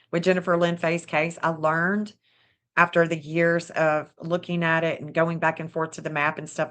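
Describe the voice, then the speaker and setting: A woman's voice: low-pitched, a bit bright. A middle-aged woman with a Southern accent, chatting casually on a livestream, rambling and restarting her sentences. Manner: rambling, repeats herself, frequent restarts and small laughs. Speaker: online true-crime astrology host.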